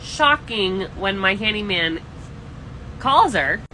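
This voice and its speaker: A young adult woman telling a casual storytime vlog about her tenant, animated and exasperated. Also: medium pitch, takes it slowly, background noise. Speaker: landlord vlogger.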